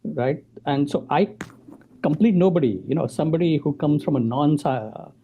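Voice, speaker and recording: A man's voice: a little high, normal speed, narrow, tinny audio, slight background noise. A man being interviewed as a podcast guest, explaining his ideas in conversation and often checking in with a "right?". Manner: explanatory, tags points with "right?".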